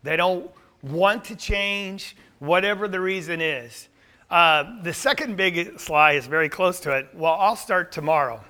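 A man preaching a sermon with a high, bright voice. He speaks emphatically, climbing to forceful peaks, and often repeats words or restarts a phrase as he goes. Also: unhurried. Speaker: pastor.

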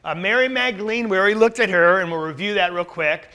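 A man's voice: high-pitched, fast, bright, forceful tone, clean tone. A man teaching a Bible class in a conversational way, asking the group rhetorical questions.

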